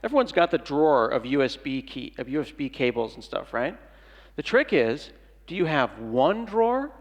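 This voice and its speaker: With a medium-pitched, sing-song voice at a moderate pace, a middle-aged man plays to a conference audience in a humorous keynote, acting out small exchanges. The recording echoes with the long reverb of a large hall.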